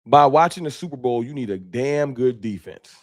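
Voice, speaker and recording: A man with a slight lisp hosting a casual sports talk live stream, talking straight to his chat in slangy, animated bursts. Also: medium pitch, moderate pace.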